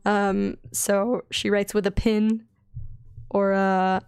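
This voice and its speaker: A young woman with a light Southern accent, chatting in a bubbly, rambling way while she draws on a stream, often giggling and getting excited. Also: medium pitch, takes it slowly, creaky, clear, resonant tone, dry recording, clean studio sound. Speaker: digital artist streaming her drawing. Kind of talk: casual chatty art stream.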